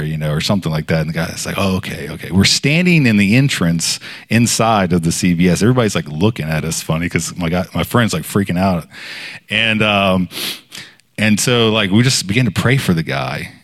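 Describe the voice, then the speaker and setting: A man preaching informally, telling a personal story in a casual, rambling way with many fillers, his voice jumping up when he quotes others. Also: a little fast. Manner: animated when quoting others, voice jumping high.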